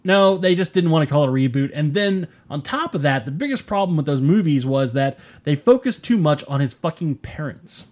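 Young man, podcast co-host, casual movie chat, profane, rambling, slightly high voice. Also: a little fast, few pauses. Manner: rambling, profane, animated mimicry.

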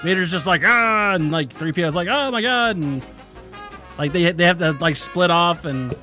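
Man, podcast co-host, bright edgy voice, rambling, laughs a lot, faint music under. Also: fairly high pitch, steady tone, normal speed. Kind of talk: casual chat.

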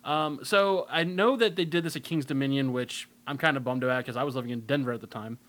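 Bright-voiced man chatting casually. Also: medium pitch, fast. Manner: rambling, loses his train of thought. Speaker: podcast co-host. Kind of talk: casual chat.

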